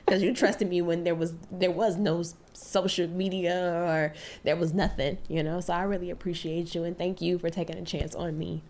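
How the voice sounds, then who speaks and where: A woman's voice: fairly low pitch, fairly even intonation, normal speed, hardly any pauses, a little mellow. A woman hosting a podcast, chatting casually with her guest in an effusive, affectionate way and calling her "girl" and "honey.". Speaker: podcast host. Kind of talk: casual interview chat.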